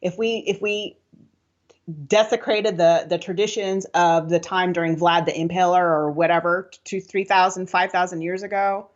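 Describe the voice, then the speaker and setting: A woman's voice: fairly low pitch, little pitch movement, moderate pace. A woman co-hosting a casual video-call chat, playful and teasing with easy laughs. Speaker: co-host. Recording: dull video-call audio.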